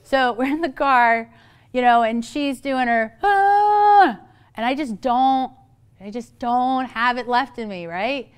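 A middle-aged woman therapist gives a lively, humorous, chatty talk to an audience of parents, acting out the people she quotes. Her voice is smooth, a little high, and a little slow.

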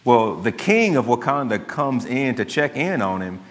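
A man, a pastor giving a sermon and telling a story in a relaxed, conversational way. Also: medium pitch, normal speed. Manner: conversational storytelling, dry asides to the congregation. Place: church sanctuary. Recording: long church hall reverb.

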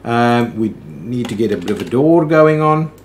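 Man, let's play host, casual think-aloud commentary, medium pitch, slight hiss behind. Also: animated, moderate pace. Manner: thinks aloud, chatty, frequent "ooh" and "um".

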